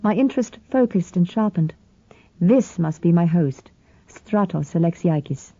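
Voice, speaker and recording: A woman narrating a novel in the first person, reading in an even, measured way. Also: lowish voice, no room sound. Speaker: audiobook narrator. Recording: slightly dull, dry lo-fi recording.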